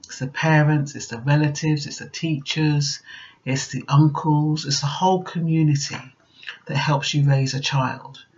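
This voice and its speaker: A woman's voice: low voice, fairly even intonation, measured pace, a little mellow. An older British woman vlogger who gives life advice in a direct, chatty monologue. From Britain. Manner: direct, chatty, acts out quoted voices. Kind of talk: casual storytelling monologue. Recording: dull lo-fi recording.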